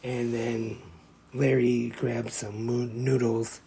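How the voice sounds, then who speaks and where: A man's voice: mid-range voice, flat delivery, creaky, dark tone, slightly rough. A man hosting a podcast, retelling a comedy short scene by scene in a plain, casual way. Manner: slow, plain play-by-play retelling. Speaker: podcast host.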